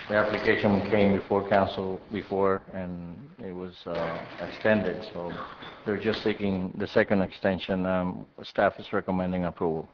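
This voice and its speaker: A man delivering a staff report to a city council, pausing often and filling gaps with "um" and "uh" in a fairly low voice. The sound is muffled and dull, with faint hiss in the background. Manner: hesitant, many um and uh fillers. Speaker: acting city manager giving staff reports.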